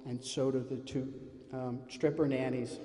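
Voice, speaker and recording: Animated man telling a comic story. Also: medium pitch, unhurried, in a large hall, heavy background noise. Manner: animated, self-mocking, acts out other voices.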